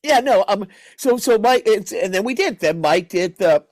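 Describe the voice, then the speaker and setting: A man's voice: high voice, moderate pace, dry recording. Rambling male podcast host, dry sound. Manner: rambling storyteller, many restarts; animated, acts out others' lines. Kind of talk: casual chat.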